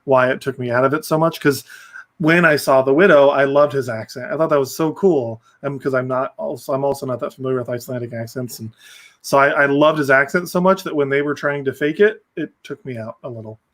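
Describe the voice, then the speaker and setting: A man's voice: medium pitch, fast, fairly bright tone. A young man hosting a casual movie review podcast, rambling with frequent restarts. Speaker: podcast host.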